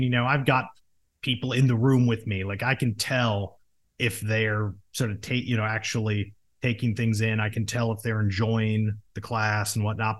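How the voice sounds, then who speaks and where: A man co-hosting a podcast in casual chat, relaxed and easily amused. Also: on the low side. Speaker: podcast co-host.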